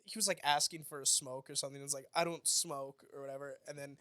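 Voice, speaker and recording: A man's voice: mid-range voice, fairly even intonation, rapid-fire, pushed and bright, dry recording, studio quality. A Canadian man co-hosting a podcast in laid-back casual chat, laughing often. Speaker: podcast co-host.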